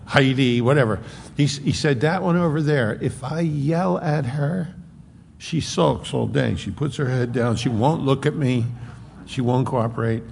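A man preaching a sermon, emphatic and conversational, slowing down to stress points. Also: mid-range voice, vocal fry, a little mellow. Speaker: pastor. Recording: long hall reverb, faint noise.

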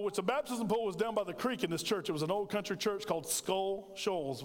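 A middle-aged man preaching a sermon as pastor, telling stories with animation and joking with the congregation. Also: high voice. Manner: storytelling, animated, jokes with congregation. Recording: reverberant church sanctuary.

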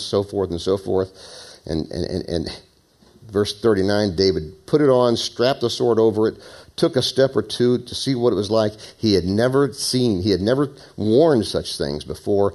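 A man's voice: on the low side, normal speed, darkish tone. A man preaching a sermon, reading scripture dramatically and breaking into casual asides to the congregation. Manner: dramatic reading with raised emphasis. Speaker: pastor.

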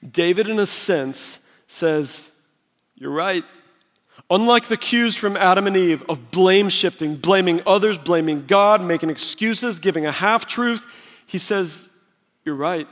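A man's voice: high voice, normal speed, fairly bright tone. A man preaching a sermon as pastor, emphatic and conversational. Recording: long reverb of a large hall.

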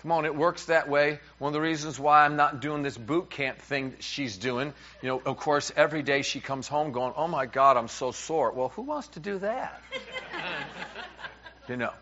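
Animated New preacher, bright voice. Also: male voice, on the high side, normal speed. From New York. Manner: animated, repeats words, acts out dialogue. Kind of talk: humorous sermon storytelling. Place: church. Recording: dull lo-fi church recording.

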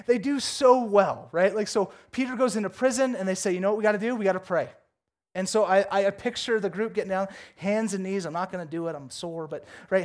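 A man preaching a sermon, reading scripture and then retelling it with jokes and lively asides. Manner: animated, jokey storytelling with big pitch swings; reads scripture aloud, then riffs casually. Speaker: pastor.

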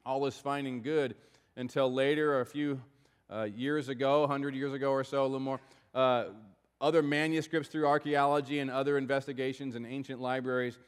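A pastor preaching a sermon in a conversational, explanatory way, with asides to the congregation. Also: male voice, medium pitch, clean tone, big-room sound.

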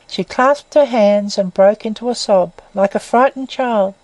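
A woman reading a classic novel aloud as narrator in a measured, even way. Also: medium pitch, no room sound, rough recording.

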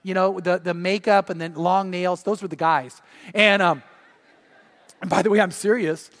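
High-voiced preacher in a reverberant hall. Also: male voice, normal speed. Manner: storytelling with animated quoted voices. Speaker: pastor. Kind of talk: sermon.

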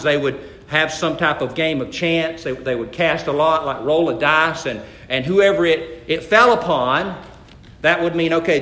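A man preaching a folksy sermon, stammering into restarts and loudly acting out the people in the story. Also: fairly high pitch, reverberant. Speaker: pastor.

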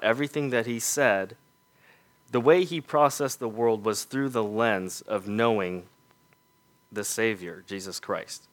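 A man preaching a sermon, earnest and full of rhetorical questions, letting his voice fall soft on key points. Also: mid-range voice.

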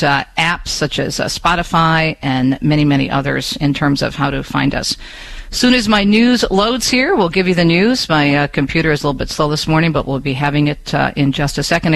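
Impassioned talk radio host, higher voice. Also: male voice, creaky, fairly bright tone, no room sound, rough recording. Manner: impassioned, with rhetorical questions; chatty asides to listeners. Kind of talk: radio talk show with news reading. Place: radio studio.

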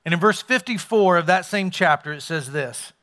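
A male pastor delivers a sermon in a church sanctuary before his congregation. His voice sits high and rings bright and forceful. He talks conversationally, throwing in jokes for the crowd. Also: lively intonation, moderate pace.

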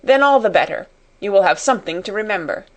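A woman voicing a harsh headmistress who scolds and commands, her voice loud and cutting. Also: medium pitch, expressive, fast talker, lightly acted. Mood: furious.

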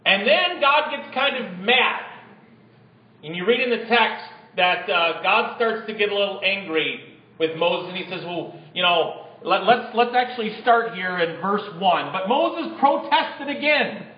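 Male pastor, high voice, reads scripture and calls to the congregation, echoey dull church recording. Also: expressive, normal speed. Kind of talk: sermon.

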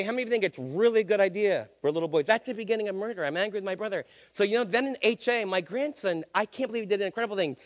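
Emphatic older preacher man, high voice. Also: a bit bright, big-room sound. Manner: emphatic, preachy, asks the crowd questions. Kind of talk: sermon.

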